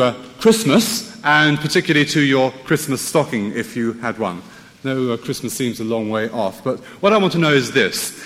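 A man giving a sermon, wry and storytelling, with plenty of rhetorical questions. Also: a little high. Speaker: preacher. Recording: long hall reverb.

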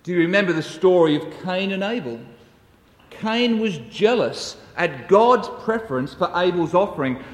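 A man preaches a sermon at an unhurried pace, his fairly high voice telling stories in a measured way. The sound rings with long reverb, as if from a large hall heard at some distance. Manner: slow, measured storytelling. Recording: echoey hall, distant mic.

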